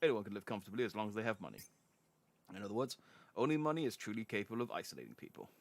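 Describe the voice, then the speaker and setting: Cold greedy debt collector guy, a man putting it on, low and clipped, rattles off lines quick and stern. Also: sing-song.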